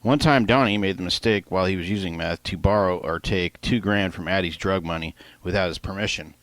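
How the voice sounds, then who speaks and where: A man reads his own first-person novel aloud, low-pitched and relaxed, tossing in offhand asides and the odd swear word. The recording is dry and close, with no room sound. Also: a little fast, no echo. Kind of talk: first-person audiobook narration.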